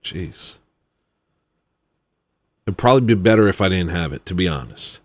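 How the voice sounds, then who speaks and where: A man, an independent musician, ranting heatedly, swinging from low grumbling to loud exclamations. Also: lively intonation, moderate pace, no room sound. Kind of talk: ranting monologue.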